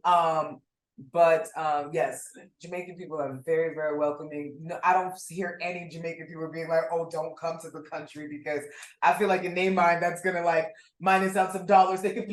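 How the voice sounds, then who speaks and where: Blunt, animated woman podcast host. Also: lowish voice, reverberant. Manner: blunt, animated, swears freely. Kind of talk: casual podcast chat.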